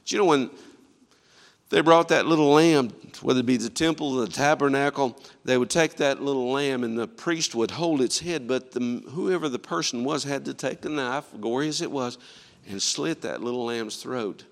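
Emphatic male preacher, swinging loud and soft. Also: medium pitch, moderate pace, in a large hall. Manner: emphatic, with rhetorical questions and swings from quiet to loud. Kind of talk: sermon.

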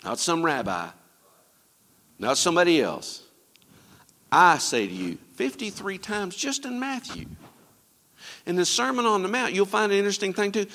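A man preaching a sermon as pastor, swinging between loud emphatic lines and quiet, low asides. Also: big pitch swings, moderate pace, long pauses, in a large hall. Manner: preaching with sweeping rises and drops in pitch and loudness.

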